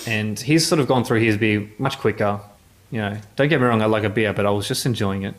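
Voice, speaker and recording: A man's voice: lowish voice, brisk. A man, a journalist telling casual anecdotes in an interview, rambling with many restarts. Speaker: motorsport journalist.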